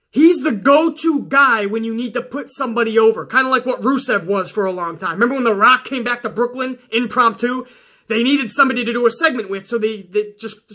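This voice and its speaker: A man hosting a show, ranting casually and sarcastically with lots of swearing. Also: very high voice. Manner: animated, profane, sarcastic. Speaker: wrestling commentary host. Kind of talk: casual rant.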